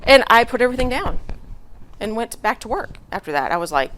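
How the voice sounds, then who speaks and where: With big swings in pitch, a middle-aged woman tells a casual story to her congregation, laughing and using fillers and restarts along the way. Her voice is a little high, a bit bright and a little fast, and there's a little hiss or hum in the recording.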